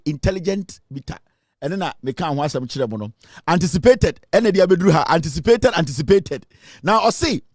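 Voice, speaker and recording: A man's voice: sits high, no echo, studio quality. A man with a Ghanaian accent giving sarcastic live political commentary, laughing often and stumbling as he reads news aloud.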